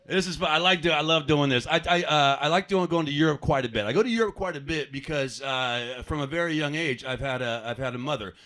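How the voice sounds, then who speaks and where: American stand-up comic with a higher voice. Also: male voice, a little fast, hardly any pauses, pushed and bright. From United States. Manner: conversational, self-deprecating, audience asides. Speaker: stand-up comedian. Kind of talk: stand-up comedy set. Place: comedy club stage.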